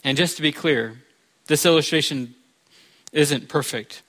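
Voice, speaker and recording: Man, pastor, preaching a sermon, chatty and joking, raised pitch, crisp bright tone. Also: measured pace. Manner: conversational preaching with humor.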